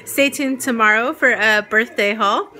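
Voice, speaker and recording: A woman in her twenties talking to the camera in a casual home vlog, excitable and quick to laugh. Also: fairly high pitch. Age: 20s. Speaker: vlogger. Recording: noisy home recording.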